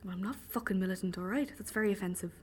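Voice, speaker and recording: A woman's voice: medium pitch, rapid-fire, breathy edge, lightly acted. A woman voicing a bossy, impatient male kidnapper with a Northern Irish accent. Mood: offended. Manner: terse, swearing, impatient.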